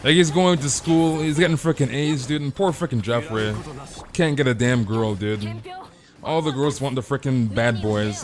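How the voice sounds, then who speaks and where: A man's voice: medium pitch, measured pace, a little hiss or hum. A young man streaming a game who chats casually with viewers, rambling, stammering over repeated words and saying "dude" constantly.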